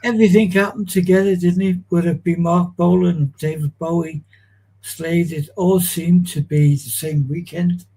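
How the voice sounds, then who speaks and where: A man's voice: sits high, level tone, normal speed, mellow, slightly rough, rough recording. A man, a guest on a chat show, reminiscing in a rambling, digressive way with many restarts.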